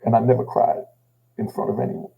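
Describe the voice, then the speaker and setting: A man's voice: a little fast, lo-fi sound. An older man from Jamaica telling his own story in a casual, emotional way, often adding "you know what I mean". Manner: gravelly, repeating "you know what I mean" after each thought; drops low and quiet when he quotes himself.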